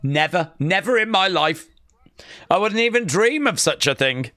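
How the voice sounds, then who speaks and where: A man hosting a live watch-along stream, chatting casually, reading out viewer comments and calling the action with sudden excitement. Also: a little high, unhurried, vocal fry, dry recording, studio quality. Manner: excitable, chatty, reads chat aloud.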